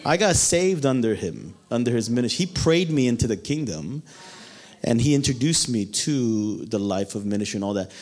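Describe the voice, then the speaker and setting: A man preaching a sermon, telling a personal story with animated delivery and acted-out voices. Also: medium pitch, moderate pace.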